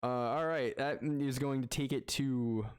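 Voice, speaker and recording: A young man running a tabletop game as game master, animated and joking, laughing often. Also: medium pitch, measured pace, clean tone.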